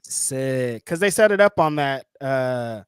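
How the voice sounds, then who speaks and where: Guy co-hosting a chat show, laid-back banter, really lively ups and downs, dry close sound. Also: medium pitch, slow pace, smooth, no room sound. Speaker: co-host. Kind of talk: casual chat.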